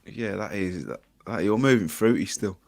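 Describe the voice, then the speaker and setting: A man's voice: on the low side, normal speed, vocal fry. A man co-hosting a fan show live stream, chatting casually and teasing his guests with lots of laughter.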